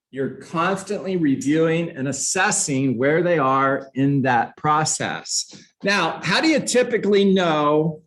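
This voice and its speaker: A man coaching real estate agents in a live online class, talking energetically and conversationally and putting questions to his students. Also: medium pitch. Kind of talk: live online training session.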